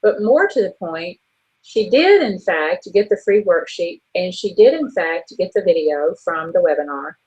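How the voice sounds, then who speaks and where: Her pitch sits fairly low, and her animated, slightly rough voice has a darkish tone and a moderate pace. Co-hosting an online business show, she chats casually and with exasperation as she frankly tells a story about a troublesome contact. The sound is lo-fi.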